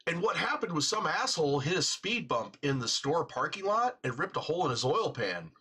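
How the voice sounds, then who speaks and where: A man with a husky, raised voice tells a rough story in casual chat. He swings his pitch up and down, laughs a lot and swears freely. His tone is bright and pushed. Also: very animated, brisk.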